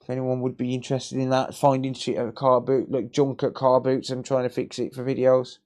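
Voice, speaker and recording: A man's voice: medium pitch, completely flat delivery, brisk, a little mellow. A British man hosting a live repair stream, rambling in casual chat, swearing and laughing a lot.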